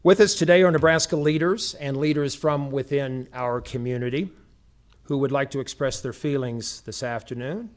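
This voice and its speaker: A man acting as master of ceremonies at a memorial, speaking in a measured, solemn way and reading out long lists of names. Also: mid-range voice, fairly even intonation. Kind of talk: formal ceremony address.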